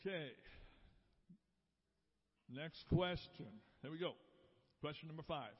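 A man with a fairly high voice leads a playful Bible quiz for a church crowd, teasing people over their answers. He sounds far off in a long-echoing hall, and the live recording is dull. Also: steady tone, moderate pace, long pauses.

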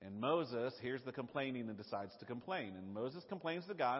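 A man preaching a sermon in an animated, conversational way, with fillers and repeated words. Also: mid-range voice, moderate pace, few pauses, husky. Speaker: pastor. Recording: dull lo-fi sound, long hall reverb.

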